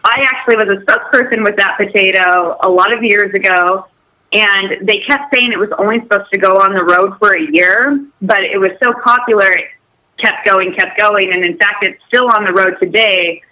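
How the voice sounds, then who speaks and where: A woman's voice: medium pitch, fairly even intonation, moderate pace, bright, forceful tone, low-quality recording. A woman guest on a radio show, telling her story in an upbeat, chatty way. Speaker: guest, hotel owner. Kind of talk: radio interview.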